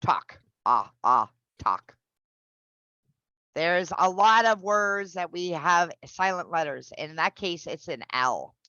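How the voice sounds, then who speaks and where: Female pronunciation teacher, patient and unhurried, on a dull video call. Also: lowish voice, animated, pushed and bright, dry recording. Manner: patient, explains slowly with repeated examples. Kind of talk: online class teaching.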